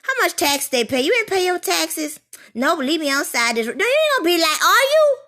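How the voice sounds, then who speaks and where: A woman ranting in a rambling, profane monologue, sliding from low grumbling into loud heated outbursts. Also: big pitch swings, brisk. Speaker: vlogger.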